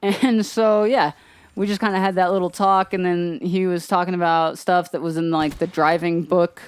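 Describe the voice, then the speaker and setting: A man's voice: high-pitched, little pitch movement, normal speed, smooth. A young man casually telling a rambling story to his viewers, often quoting others with "he was like". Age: young adult. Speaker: gaming channel host.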